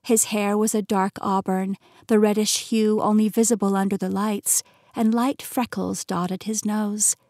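A woman narrating a novel in first person with lively storytelling, recorded close in a recording booth. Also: medium pitch, a little slow, dry recording. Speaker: audiobook narrator. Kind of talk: scripted narration. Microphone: close studio mic.

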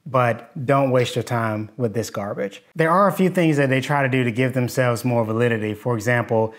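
A man's voice: medium pitch, normal speed. A man teaching in a video lesson, plainspoken and skeptical as he picks apart hoaxes. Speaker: engineering YouTuber.

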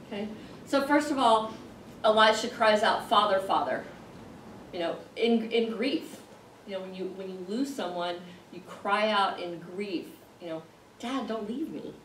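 A woman teaching a church Bible class, talking the group through a passage at an easy pace with fillers and pauses. She sits a little back from the mic in a roomy space. A faint hiss runs under her voice. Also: mid-range voice, a bit bright, far from the mic. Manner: conversational, explaining with pauses and fillers. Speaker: Sunday school teacher.

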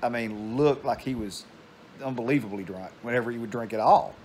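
A man's voice: medium pitch, steady tone, brisk, darkish tone, a little hiss or hum. An older man, casually telling a meandering story at home. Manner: meandering, digressive. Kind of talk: casual rambling anecdote.

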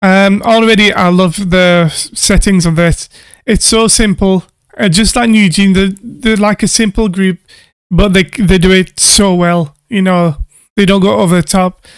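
A man's voice: sits high, fairly even intonation, measured pace, hardly any pauses, smooth, no echo, studio quality. A man, a music producer, giving casual reaction commentary in an enthusiastic, gushing way and laughing often.

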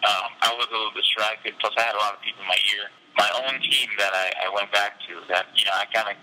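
Low, bright-voiced man telling his story. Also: quick pace, low-quality recording. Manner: animated, laughs often, loose fillers. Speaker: professional fighter, interview guest. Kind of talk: candid casual storytelling.

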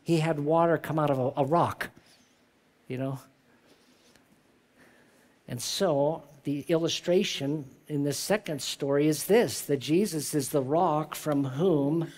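Man, pastor, church sermon, fairly high voice, rhetorical questions, scripture reading. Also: darkish tone. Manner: reads scripture aloud.

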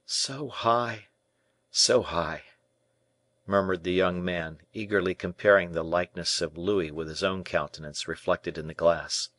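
Deep-voiced man reading an audiobook. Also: level tone, normal speed, few pauses, fairly bright tone, dry recording. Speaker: audiobook reader. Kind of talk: scripted narration.

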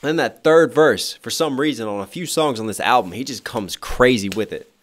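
A hoarse man, a rapper, reacting to a song and animatedly explaining its wordplay line by line. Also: mid-range voice, normal speed. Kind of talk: music reaction commentary.

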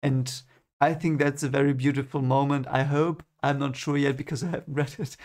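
A man's voice: medium pitch, level tone, a little fast, a little mellow. A young man giving first-time read-along commentary on a book, hesitant and repeating his words, often chuckling. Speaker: book reader reacting.

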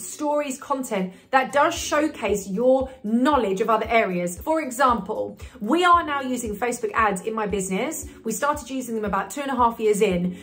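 Chatty woman coaching on marketing. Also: fairly high pitch. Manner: chatty, upbeat, many fillers and restarts. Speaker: business coach. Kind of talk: talking-head marketing advice video.

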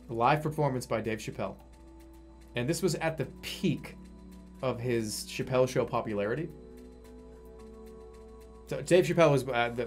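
A man in his thirties, a livestreamer rambling through a casual chat and swearing freely. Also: mid-range voice. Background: faint music.

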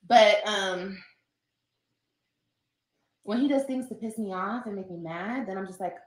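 A woman's voice: mid-range voice, unhurried, reverberant, low-quality recording. A woman from Los Angeles vlogging, talking candidly and rambling straight to her viewers. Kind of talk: chatty vlog talking to viewers.

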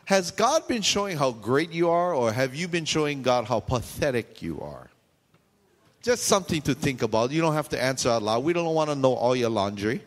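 A male pastor preaching in a church hall, his voice trailing off in a long reverb. He keeps it conversational, tossing jokes and quick questions to the congregation. His pitch sits in an ordinary middle range. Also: big pitch swings. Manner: conversational, joking asides to the congregation; frequent questions and call-outs to the audience. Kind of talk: sermon.

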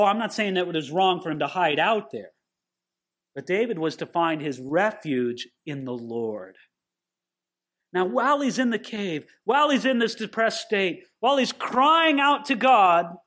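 A man's voice: high voice, a bit bright. A man giving a sermon-style Bible teaching, earnest and putting questions straight to his listeners.

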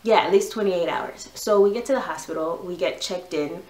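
Young woman rambling through her story, kinda low voice, echoey room. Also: brisk, a little mellow. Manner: chatty, lots of "like" and "yo". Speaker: vlogger. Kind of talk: casual storytelling.

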